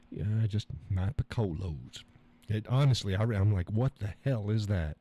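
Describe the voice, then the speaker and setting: This live stream host has a fairly low, dark-toned voice and speaks a little slowly. He reads viewer comments in casual chat, rambling, chuckling, and joking with plenty of profanity.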